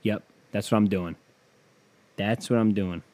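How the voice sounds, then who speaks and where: A man's voice: lowish voice, fairly even intonation, a little slow, a little mellow. A man hosting a casual solo podcast, offhand and profane as he reads betting odds aloud. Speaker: podcast host.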